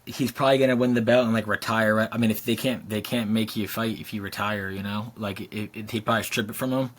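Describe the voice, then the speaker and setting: A man's voice: fairly low pitch, steady tone, quick pace. A young man co-hosting a podcast in casual chat, laid-back and saying "dude" often. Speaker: podcast co-host.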